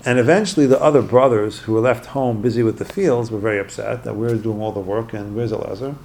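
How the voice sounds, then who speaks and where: A man's voice: lowish voice, fast, a little mellow. A man teaching a lesson by retelling a story, breaking in with musing asides.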